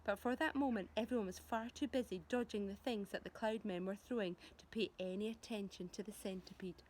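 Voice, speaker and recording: A woman teacher reading a children's book aloud, expressive, with dramatic pauses. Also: mid-range voice, a little hiss or hum. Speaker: primary school teacher.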